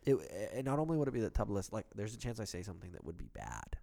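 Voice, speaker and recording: Deep-voiced man telling animated stories. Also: racing, creaky. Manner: animated storytelling, acts out customer quotes. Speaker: retail phone store salesman. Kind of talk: casual conversation.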